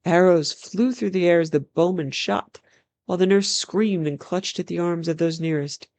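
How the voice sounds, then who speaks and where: Fantasy read-aloud narrator, steady and measured, close dry sound. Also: medium pitch, no room sound. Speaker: storyteller. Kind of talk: reading a fantasy novel aloud.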